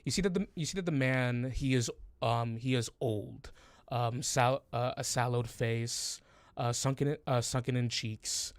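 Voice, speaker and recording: A man's voice: medium pitch, measured pace, no echo. A man narrating a tabletop game as game master, hesitant, with many fillers and restarts.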